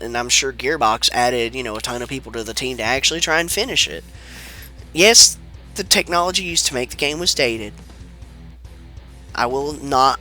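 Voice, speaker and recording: Man, sick-sounding voice, bright tense tone, relaxed rambling game commentary, casual swearing. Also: medium pitch. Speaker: let's play commentator.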